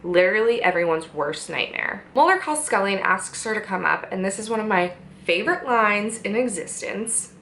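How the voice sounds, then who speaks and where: A woman's voice: mid-range voice, expressive, normal speed, a bit bright, slight background noise, rough recording. Chatty, sarcastic woman reviewing TV. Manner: chatty, sarcastic, swears a lot. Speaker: TV episode reviewer. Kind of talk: casual chat.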